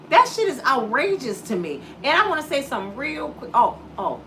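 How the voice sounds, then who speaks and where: A woman YouTuber giving blunt, animated commentary to her viewers and acting out the voices of people she quotes. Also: high-pitched, brisk, few pauses, distant mic, a little hiss or hum. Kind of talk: casual commentary to camera.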